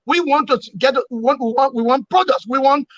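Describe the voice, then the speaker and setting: A man giving forceful political analysis in an interview, emphatic and repetitive, lecturing his points. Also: extremely high pitch, a little fast, dry recording, highs cut off. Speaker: opposition commentator.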